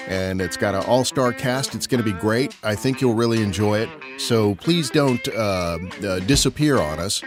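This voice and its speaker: A man's voice: lowish voice, moderate pace, hardly any pauses, dry recording, studio quality, faint music behind. A man hosting a podcast, chatting casually and rambling a bit between topics. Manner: rambling, with fillers. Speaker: podcast host. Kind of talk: casual chat.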